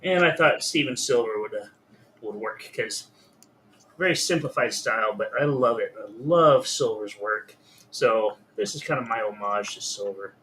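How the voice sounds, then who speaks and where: Tired male guest artist, bright voice. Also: lowish voice, moderate pace, slight background noise. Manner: relaxed, hesitant, many fillers. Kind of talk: casual chat while drawing.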